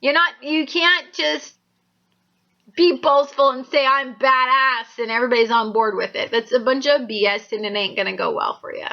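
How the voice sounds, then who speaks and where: A woman's voice: fairly high pitch, moderate pace, gravelly, fairly bright tone, dull audio. A woman astrologer giving a monthly horoscope reading in an earnest, rambling, intuitive way.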